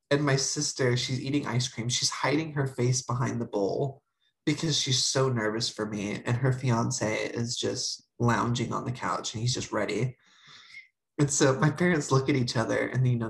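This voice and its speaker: A young woman with a gravelly bass voice, speaking at a moderate pace on a low-quality recording, co-hosts a podcast. In a casual chat, she animatedly tells a personal story and performs her family members' voices.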